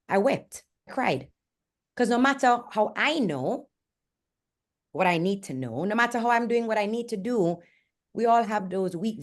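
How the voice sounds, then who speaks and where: Woman, forties, Jamaican accent, blunt and earnest, candid motivational host, mid-pitched voice. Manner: frank and earnest, speaks bluntly. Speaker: host and fitness coach.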